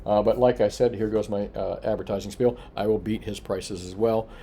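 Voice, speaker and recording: A lower-voiced man rambles casually through an evening report, stuffing his talk with "uh"s as he reads out viewer comments. There is a faint background hum behind him. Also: steady tone, a little fast, warm tone. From Florida. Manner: chatty, rambling, full of filler "uh"s, answers viewer comments. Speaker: coin shop owner hosting a price report. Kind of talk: casual evening livestream chat.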